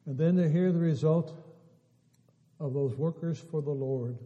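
In a church sanctuary, a man preaches to his congregation in a somewhat high, dark-toned voice at a measured pace, with dull audio and church hall reverb. His sermon rises into emphatic exhortation, with appeals and phrases repeated.

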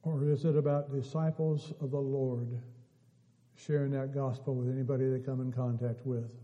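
A man's voice: mid-range voice, little pitch movement, moderate pace, muffled recording. A man preaching a sermon to his congregation, building to emphatic, repeated appeals. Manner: rising to emphatic exhortation, repeating phrases. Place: church sanctuary. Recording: church hall reverb.

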